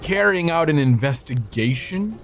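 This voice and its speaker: A man's voice: a little high, expressive, a little slow, soft background music. A man voicing a curt, impatient locksmith as he reads game dialogue aloud. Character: brusque, busy locksmith, proud of the work.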